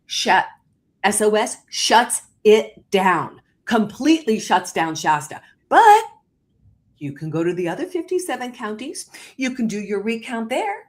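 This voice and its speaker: A woman hosting a live online talk show over a video call, telling the story fast and emphatically, her pitch jumping up on key points. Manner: animated, emphatic storytelling with big pitch jumps. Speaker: host.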